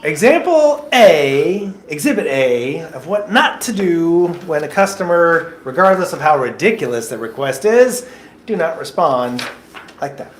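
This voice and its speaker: Unhurried but very animated, a man with a higher-pitched voice coaches job seekers in a casual mock interview, joking, staying upbeat, and explaining patiently. The recording comes from an echoey indoor coffee shop with slight background noise.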